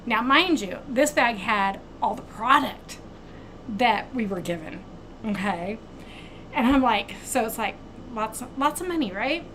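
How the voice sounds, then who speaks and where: Woman vlogger chatting at home, high bright voice, bit of room noise behind. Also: a little slow, creaky, poor audio. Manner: animated retelling, acts out quoted exchanges. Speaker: craft channel host. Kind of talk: casual storytelling vlog.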